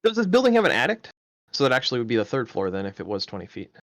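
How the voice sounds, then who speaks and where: A man's voice: mid-range voice, wildly swooping pitch, very fast, a bit bright, no echo. A man playing a tabletop game on a live stream, thinking aloud with many questions and ums. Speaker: player.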